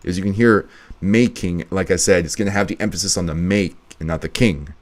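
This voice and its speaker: A man's voice: sits low, fast. A man editing a video live, chatting casually and thinking aloud as he works. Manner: thinking aloud, muttering to himself. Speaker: video editor streaming live.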